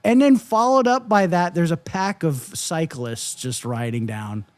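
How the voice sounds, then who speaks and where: A man's voice: a little high, a little slow, no echo. A man co-hosting a podcast, telling a story with lots of laughs and mimicked sounds. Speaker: podcast co-host. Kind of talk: casual storytelling chat.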